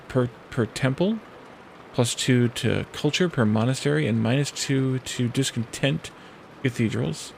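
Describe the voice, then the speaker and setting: Gravelly man thinking aloud over a game. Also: mid-range voice, slight background noise. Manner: thinks aloud, reads game event text; hesitant, with pauses and restarts. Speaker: streamer. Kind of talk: casual let's-play commentary.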